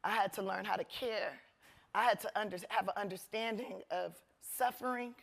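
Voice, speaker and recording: A woman comedian speaking as a guest in an onstage conversation, animated and earnest, at times emotional. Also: medium pitch, normal speed, vocal fry. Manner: animated, acts out voices in quotes. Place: conference stage.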